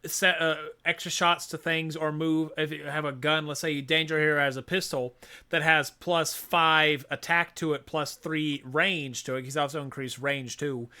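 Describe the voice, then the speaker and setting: A male podcast host who gives a rambling, animated retelling of a video game's story in a casual chat. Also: on the high side, normal speed. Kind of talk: casual game review chat.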